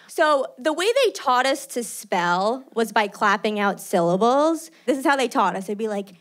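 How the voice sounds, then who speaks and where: Brash, high-voiced New comedian. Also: female voice, expressive, moderate pace, few pauses. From New York. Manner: brash, conversational, loud. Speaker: stand-up comedian. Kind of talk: stand-up comedy set. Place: stage before a live audience. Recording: live set with audience noise.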